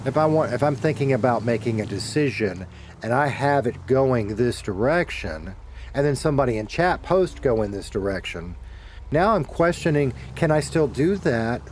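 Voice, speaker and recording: A middle-aged man from the Deep South with a Southern US drawl talks loosely to his stream audience as he plays. He rambles and restarts his sentences, and he lets out a curse now and then. His voice sits at an everyday middle pitch. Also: lively intonation, normal speed, slight background noise. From Deep South of the United States. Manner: rambling and self-correcting, with bursts of cursing. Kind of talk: casual chat to viewers while gaming.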